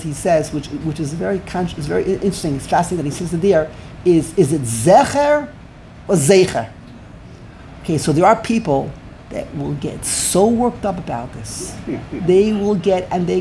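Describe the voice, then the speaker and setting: Woman, Talmud teacher, emphatic, digressive lecturing, lowish voice, faint background hiss. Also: a little mellow. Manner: emphatic, digressive, peppered with Yiddish and Hebrew terms. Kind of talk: Torah class lecture.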